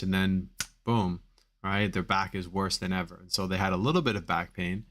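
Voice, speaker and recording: A man's voice: low-pitched, fairly even intonation, brisk, fairly bright tone, a little hiss or hum. A man coaching on back pain in a live Q&A stream, talking casually with many fillers and repeated phrases for emphasis.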